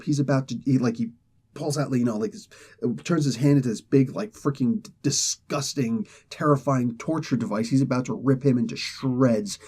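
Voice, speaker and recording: A man hosting a comic book review show, excitedly retelling a story's plot in a casual way, full of fillers and restarts. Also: mid-range voice, normal speed, slightly rough.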